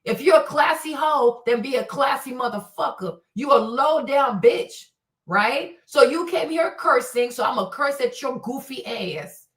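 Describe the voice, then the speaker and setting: A woman's voice: sits high, lively intonation, measured pace. A woman streamer ranting on a livestream and answering her chat, profane, combative and mocking. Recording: roomy echo, distant from mic.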